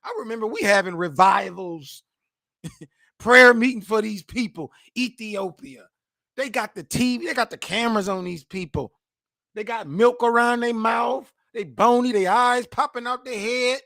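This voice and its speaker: A man in his forties reacting to news clips as host, animated, emphatic and mocking, full of slang. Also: very high voice, moderate pace, dry recording, clean studio sound.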